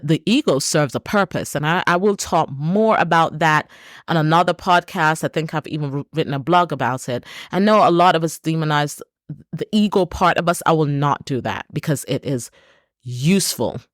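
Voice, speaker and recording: Low-voiced woman hosting a reflective podcast. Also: no room sound, clean studio sound. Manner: earnest, repetitive, emphatic lists. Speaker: podcast host. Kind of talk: reflective solo podcast monologue.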